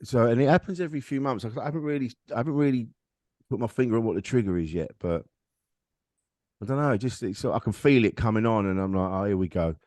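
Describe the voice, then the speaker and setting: A man's voice: medium pitch, fast, darkish tone, no room sound, studio quality. A man, a comedian guest on a podcast, telling a personal story in a frank, rambling, self-deprecating way. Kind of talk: candid conversational storytelling.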